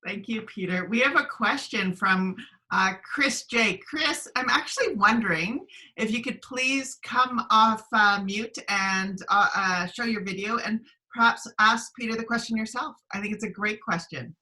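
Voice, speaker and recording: A woman's voice: mid-range voice, measured pace, bright, forceful tone. A woman hosting an online interview on a video call, conversational and sometimes searching for words. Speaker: host.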